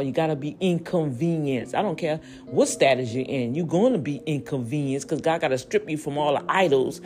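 A woman hosting a podcast, preaching in a casual way to listeners she calls y'all. She swoops up high when she gets fired up and drops low and quiet for asides. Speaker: podcast host.

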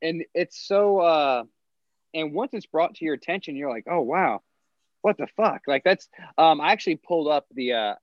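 A man co-hosting a podcast in casual chat, rambling with lots of fillers and quick chuckles. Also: on the high side, animated, no echo, dull audio. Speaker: podcast co-host.

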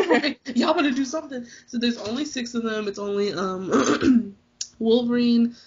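Brief: husky-voiced woman, casual podcast co-host, laughing recap, muffled lo-fi audio. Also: on the high side, moderate pace, a little mellow. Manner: laughs a lot, slangy retelling. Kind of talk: casual movie recap chat. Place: hot indoor room with fan. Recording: muffled lo-fi sound.

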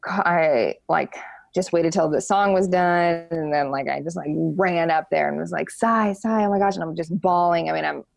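A young woman, an interview guest, telling a personal story candidly and frankly, halting often with fillers. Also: sits low, fairly even intonation, creaky, dry recording. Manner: frank and open.

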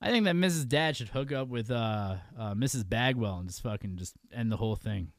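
Lively, laughing podcast host guy. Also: medium pitch, a little fast, dry recording, clean studio sound. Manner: laughs often, loose and profane, talks in restarts. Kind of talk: casual chat.

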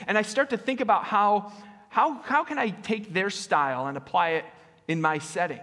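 A pastor delivers a casual sermon in a rather high male voice, breaking up his points with tag questions and quick restarts. The sound carries the long reverb of a church hall. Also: bright, forceful tone. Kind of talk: conversational sermon. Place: church sanctuary.

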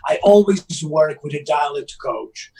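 High-voiced man, a bit off-mic. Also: animated, unhurried, a little mellow, distant mic, rough recording. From Italy. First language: Italian. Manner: earnest, methodical explainer. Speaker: actor guest. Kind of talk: casual interview chat.

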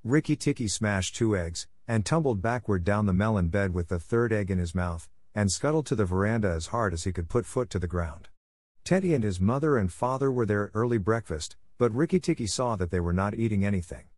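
A man narrating a classic story in a steady, clear reading for English learners. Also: lowish voice, brisk, no echo, studio quality. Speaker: audiobook narrator.

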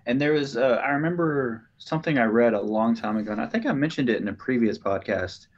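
Measured man on dull podcast audio. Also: medium pitch. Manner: measured, reflective, thinks aloud with fillers. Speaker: podcast co-host. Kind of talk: casual podcast chat.

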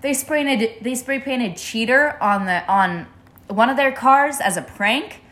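A woman's voice: fairly high pitch, a little slow, fairly bright tone. Woman in a profane, rambling rant. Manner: acts out other people's voices in quotes. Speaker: co-host. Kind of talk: casual chat.

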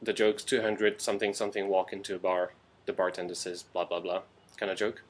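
An easygoing male podcast host chats casually, chiming in with quick yeses. His voice sits somewhat low, relaxed and friendly in tone. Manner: easygoing, laughs along, quick affirmations. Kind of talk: casual chat.

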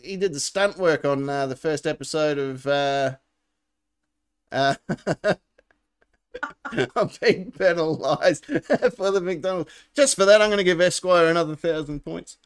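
A man's voice: a little high, a little slow, clean tone. A man hosting a casual live comedy show, laughing often and handing out points. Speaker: host.

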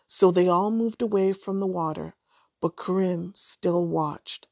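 A woman narrating a children's storybook in a measured, even way. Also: lowish voice, dry recording, studio quality. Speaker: audiobook narrator.

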